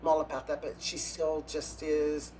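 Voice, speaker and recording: A man's voice: a little high, flat delivery, moderate pace, a little mellow, a little hiss or hum. A man, a drag performer, telling catty backstage stories in a casual, gossipy interview, breaking into laughs and gasps.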